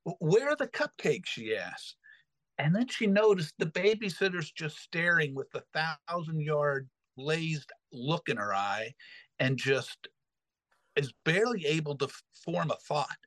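Middle-aged male storyteller, a bit high-pitched, lively, dry close sound. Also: no echo, poor audio. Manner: animated, acts out quoted voices. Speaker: podcast host telling a story. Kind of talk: casual storytelling.

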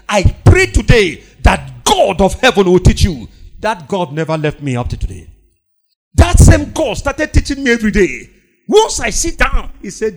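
A man delivers a sermon in a high voice that swings widely up and down. He repeats each point several times and quotes scripture. He breaks into loud exclamations now and then. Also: sing-song, moderate pace. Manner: emphatic, repeating lines, quoting scripture. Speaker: preacher.

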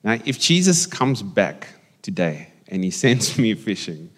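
A South African pastor preaches a conversational sermon to his congregation in a church hall, joking with them and slipping into Afrikaans. His voice is on the low side, sing-song, unhurried and fairly bright, with the hall's long reverb around it.

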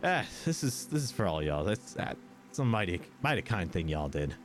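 A man's voice: fairly low pitch, lively intonation, brisk, faint music behind, lightly acted. A man voicing a friendly, generous male tavern keeper who drawls and says y'all. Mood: folksy. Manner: drawling folksy speech with y'all.

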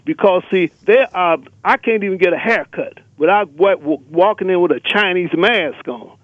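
Speaking at a moderate pace in a high-pitched voice, a radio call-in man rants with fiery emphasis, repeating rallying lists. The telephone audio is tinny, with no echo.

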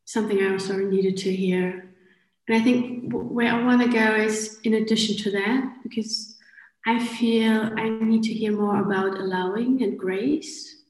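A woman caller speaking gently and earnestly on a video call. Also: mid-range voice, fairly even intonation, measured pace. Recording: echoey room sound.

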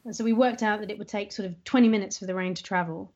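A woman's voice: mid-range voice, rapid-fire, dull audio. A woman telling a story from a film shoot, acting out the back-and-forth of a conversation. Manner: recounts dialogue in an animated way. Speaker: interviewee.

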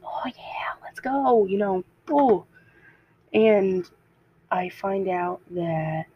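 Speaking in a lowish, husky voice, a teenage girl hosts a podcast and rambles through a personal story. She keeps cutting herself off and laughing at herself, and the dull home mic gives a lo-fi sound.

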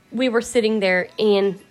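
A woman talks to her camera in a loose, rambling way, swearing freely and breaking into laughs. Her voice sits in a middle pitch, and soft music plays faintly behind her. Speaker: vlogger. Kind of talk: casual emotional storytelling.

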